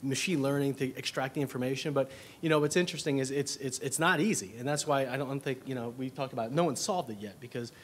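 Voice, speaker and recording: A man's voice: mid-range voice, fast, hardly any pauses, a little hiss or hum. A man speaking on a conference panel, hesitant, with frequent fillers and restarts. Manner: hesitant, many you-knows and restarts. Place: conference session room. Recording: faint room ambience.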